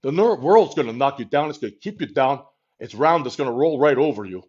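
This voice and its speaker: A man doing an impression of a gruff, mumbling, middle-aged boxing-movie star, giving a repetitive pep talk. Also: medium pitch, animated, fairly quick, darkish tone, lo-fi sound, pitched above the performer's own voice. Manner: pep-talk delivery, repeating phrases.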